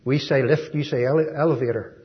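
An Irish man giving a sermon as a visiting preacher, gentle and folksy, with frequent ums and asides. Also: mid-range voice, steady tone, brisk, lo-fi sound. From Ireland.

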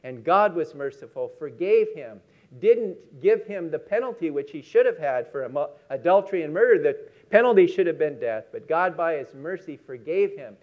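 A man preaching a sermon, telling a story with emphatic, slowed key words. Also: a little high, animated, dull audio.

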